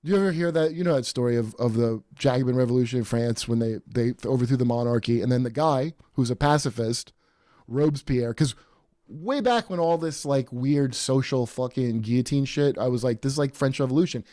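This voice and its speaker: A man hosting a podcast in casual chat, rambling and animated with many fillers and restarts. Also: medium pitch, brisk, no echo, studio quality. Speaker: podcast host.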